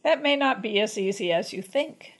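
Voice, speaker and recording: A woman voicing a shrewd, gentle wife who coaxes sweetly, in a storybook reading. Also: medium pitch, expressive, normal speed, low-quality recording. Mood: coaxing. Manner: gentle, coaxing. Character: shrewd, calm Irish wife, sweetly cunning.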